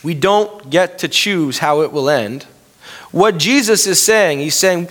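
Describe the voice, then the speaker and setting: A man in his thirties preaching a conversational sermon, lifting his voice when quoting and dropping soft and low for a personal story. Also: sing-song, measured pace. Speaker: pastor.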